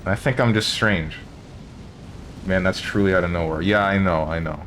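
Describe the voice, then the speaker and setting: A man's voice: low-pitched, moderate pace, a bit bright, a little hiss or hum. A man streaming a video game, chatting and joking with his viewers. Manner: joking, banter with chat. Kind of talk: casual chat while playing a video game.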